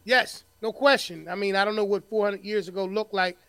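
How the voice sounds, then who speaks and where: A man's voice: high-pitched, fairly even intonation, a bit bright, clear, resonant tone. A man from New Jersey co-hosting a podcast, easygoing, reading out questions in casual banter. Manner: easygoing, reads questions slowly. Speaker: podcast co-host.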